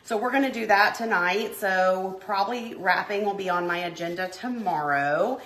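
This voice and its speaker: Middle-aged woman, bright and scattered, craft-stream host; recorded in an echoey room. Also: mid-range voice, moderate pace. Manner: chatty, scattered, talks to viewers by name. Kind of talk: casual crafting livestream chat. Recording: echoey room, faint background noise.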